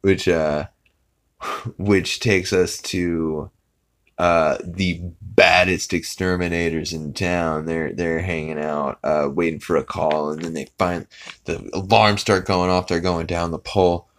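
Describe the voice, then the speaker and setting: A man's voice: deep voice, fairly even intonation, unhurried, a bit bright, a little hiss or hum. A man hosting a podcast who casually recaps a cartoon episode, rambling with lots of fillers and swearing. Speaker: podcast host.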